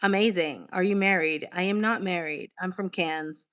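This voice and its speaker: A Boston-born livestream host speaks at normal speed in a lowish, smooth voice that's a bit bright. Chatting candidly, she reads viewer comments out loud and reacts as she goes.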